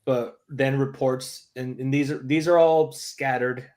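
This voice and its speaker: A man's voice: mid-range voice, steady tone, unhurried, darkish tone. A man co-hosting a casual football podcast, talking bluntly and swearing freely as he chats. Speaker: podcast co-host. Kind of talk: casual chat.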